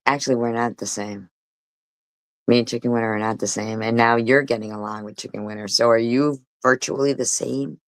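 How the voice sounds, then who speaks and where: A woman's voice: rumbling low, steady tone, fairly quick, dry recording. A woman live streamer ranting angrily and cursing often, repeating herself as she argues with critics. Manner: angry, profane, repetitive. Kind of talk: heated livestream rant.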